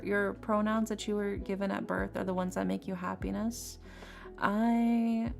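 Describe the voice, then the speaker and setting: A woman's voice: medium pitch, gravelly, darkish tone. A woman from Texas chatting casually with her viewers while she streams tarot readings. She has an easygoing, rambling way of talking and often restarts words. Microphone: desk mic on a live stream. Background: faint lofi music.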